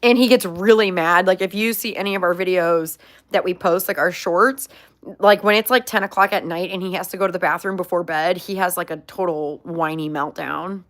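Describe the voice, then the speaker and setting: Answering viewer questions about her pet pig, a young channel host talks in a chatty, upbeat way, saying "like" often. Her voice is on the low side and fairly bright, with a steady tone and a slightly fast pace.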